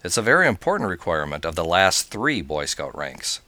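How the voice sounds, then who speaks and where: Lively-voiced scoutmaster man. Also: deep voice, fairly quick, no room sound. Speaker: scoutmaster, podcast host. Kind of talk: scripted advice talk and joke telling.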